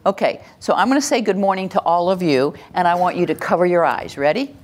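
Low-voiced older woman teaching a workshop. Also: fast, hardly any pauses. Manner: lively and demonstrative, acts out examples and leads exercises. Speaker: workshop presenter on calming children. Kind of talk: live teaching talk to an audience.

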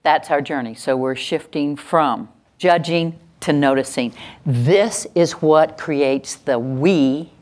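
Low-voiced woman teaching a workshop. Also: takes it slowly, a little mellow. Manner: emphatic, repeats key phrases, checks in with the audience. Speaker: educator giving a workshop. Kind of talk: teaching lecture to a live audience.

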